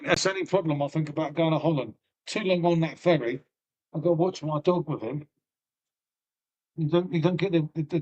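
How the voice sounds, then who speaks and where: A middle-aged man talks loosely to his live-stream viewers, rambling from one thing to the next. He swears freely and laughs often, in a voice that sits fairly high for a man. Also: a bit bright. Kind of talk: casual chat to a live stream.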